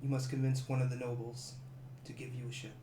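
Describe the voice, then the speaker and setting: A man voicing a solemn male monk who speaks in a quiet, grave way, in a tabletop game. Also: medium pitch, little pitch movement, fast talker, reverberant, noisy background, close to an everyday voice.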